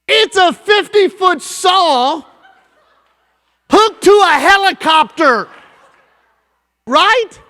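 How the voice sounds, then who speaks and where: Man, Kentucky accent, high pitch, folksy joking keynote, echoing hall. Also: expressive, extremely slow, pauses often, pushed and bright. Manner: folksy and joking, keeps asking "right?". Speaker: school superintendent, keynote speaker. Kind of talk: conference keynote. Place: large conference hall. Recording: long hall reverb with faint music.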